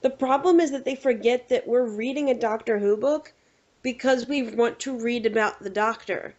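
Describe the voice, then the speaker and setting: A woman co-hosting a casual podcast, ranting with animated exasperation. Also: fairly high pitch, moderate pace. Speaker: podcast co-host. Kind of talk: casual chat. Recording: dull lo-fi recording.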